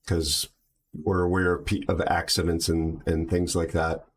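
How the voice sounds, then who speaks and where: Casting: deep-voiced male livestream host, loose and chatty, joke-teller. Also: little pitch movement, a little slow. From aviation background. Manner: chatty, tells jokes, reads chat aloud. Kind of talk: casual livestream chat.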